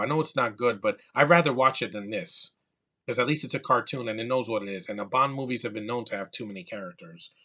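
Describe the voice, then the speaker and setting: A man's voice: medium pitch, pushed and bright. A man giving a casual, exasperated movie rant, often restarting and repeating words. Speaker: movie reviewer.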